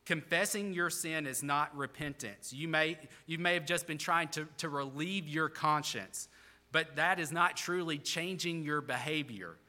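Brief: male pastor, earnest sermon delivery, slightly high and bright. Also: unhurried, long reverb tail. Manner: earnest, explanatory preaching.

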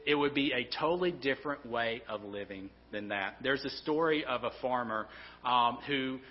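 Man preaching, earnest, stumbling restarts, long hall reverb, dull sound. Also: medium pitch. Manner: earnest, repeats words and restarts often. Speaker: pastor. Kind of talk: sermon.

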